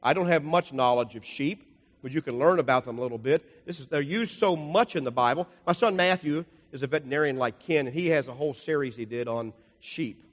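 A man's voice: mid-range voice, a little fast. An older man preaching a folksy, rambling sermon, explaining slides with jokes and asides. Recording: long hall reverb.

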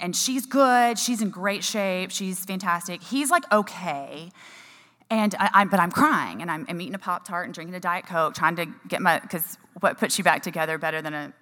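A woman's voice: fairly low pitch, fairly bright tone. Chatty woman in a reverberant hall. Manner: chatty and emotional, many restarts. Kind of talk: personal story in a talk.

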